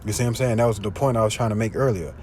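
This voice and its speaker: A man preaching informally, slangy and profane, often asking if you see what he's saying, and reading scripture louder. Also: racing, slight background noise. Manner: louder and higher when reading scripture aloud. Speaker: street preacher. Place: in a car. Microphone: phone.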